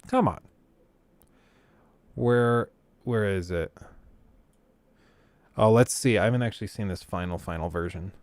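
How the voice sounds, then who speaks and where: A man's voice: fairly low pitch, moderate pace, pauses often, a little mellow, no room sound. A man hosting a casual livestream, ranting bluntly and sarcastically to his chat. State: keeps choking on throat. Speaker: livestream host.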